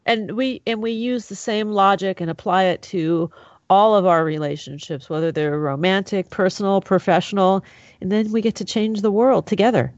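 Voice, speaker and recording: A woman's voice: medium pitch, moderate pace, a little mellow, no room sound. A woman hosting a talk show, chatting with enthusiasm. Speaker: host. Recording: dry, dull lo-fi sound.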